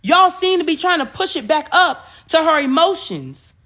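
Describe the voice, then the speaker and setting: A woman podcast host, talking about spiritual energy in an animated way, repeating words and acting out voices. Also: very high voice, moderate pace. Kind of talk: spiritual talk monologue.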